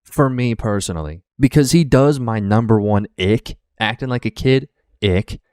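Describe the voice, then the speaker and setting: A man's voice: medium pitch, normal speed, a little mellow, clear, resonant tone, no echo, clean studio sound. A male reaction video host who rants in exasperated, profane, casual talk. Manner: exasperated, ranting.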